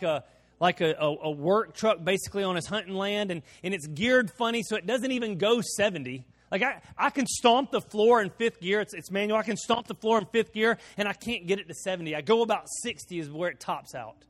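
A middle-aged pastor delivers a sermon in a fairly high voice. He talks in plain words, stumbling and restarting as he tells a story, then softens into slow, quiet appeals.

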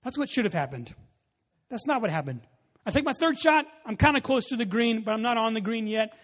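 Male pastor, thirties, high voice, lively storytelling sermon, long hall echo. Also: brisk. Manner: animated storytelling, acts out his own reactions.

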